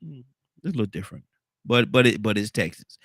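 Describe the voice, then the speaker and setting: A man's voice: lowish voice, expressive, fast talker, a bit bright, no echo, studio quality. Rambling male morning show host. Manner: rambling, repeats words and phrases. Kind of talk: casual morning show chat.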